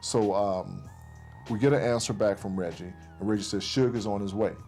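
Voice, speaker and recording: A man with a fairly low voice tells a story in a loose, conversational way. He slips into the present tense and acts out what others said. A clear music bed plays under his words. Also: normal speed, a little mellow. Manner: recounts events in present tense, voicing others' lines. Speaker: interviewee recounting events. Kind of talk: casual storytelling.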